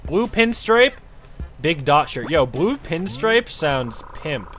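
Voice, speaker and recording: A young man giving casual, profane commentary while streaming a game, with frequent loud outbursts. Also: on the high side, sing-song, slow pace, faint music behind. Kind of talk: casual live gameplay commentary.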